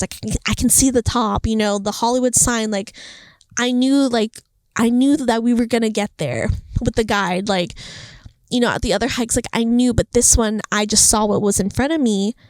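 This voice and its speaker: A young woman talking about her faith in a casual vlog, chatty and animated, filling her sentences with "like" and acting out what was said. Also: medium pitch, no room sound. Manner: chatty, heavy use of "like", animated quoting. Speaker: faith vlogger. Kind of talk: casual devotional vlog monologue. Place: indoors, Los Angeles home. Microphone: phone or camera mic.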